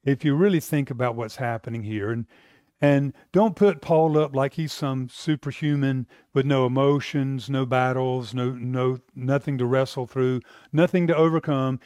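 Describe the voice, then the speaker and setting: A man's voice: mid-range voice, darkish tone, no echo, studio quality. An American man teaching a Bible class, asking the room questions and repeating himself as he builds his points.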